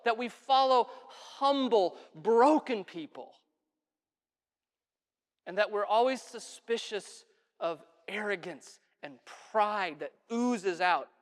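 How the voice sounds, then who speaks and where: A pastor preaching a sermon in a conversational way, asking the congregation questions and adding asides. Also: mid-range voice. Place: church sanctuary. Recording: long church reverb.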